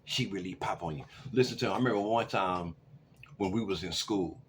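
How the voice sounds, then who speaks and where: A man in his forties telling a story to camera in a casual, animated way, swinging from loud outbursts to hushed asides. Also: deep voice, brisk, slight background noise. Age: 40s. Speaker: vlogger.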